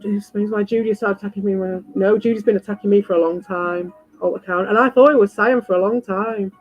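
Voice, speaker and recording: A woman streamer in a casual ranting chat, animated, swearing freely and repeating herself. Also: medium pitch, fairly quick, no echo, muffled recording, soft background music. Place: home.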